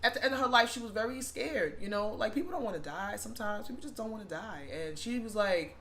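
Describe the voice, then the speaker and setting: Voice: medium pitch, animated, a little fast, hardly any pauses, fairly bright tone, slight background noise. A vlogger telling a personal family story in a casual, rambling, heartfelt way, with many fillers and repeated words. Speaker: spiritual shop owner and vlogger.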